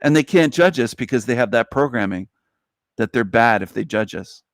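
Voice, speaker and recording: A man's voice: mid-range voice, expressive, normal speed, no room sound, clean studio sound. A man hosting a live stream, delivering an emphatic, preachy monologue that circles back and repeats its points. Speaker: livestream host.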